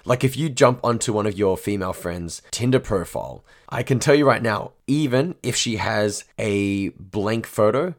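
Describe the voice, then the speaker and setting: A man's voice: fairly low pitch, normal speed, hardly any pauses. A young man, a dating coach, talking bluntly and profanely to his audience, often tagging lines with "right?". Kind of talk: monologue to camera.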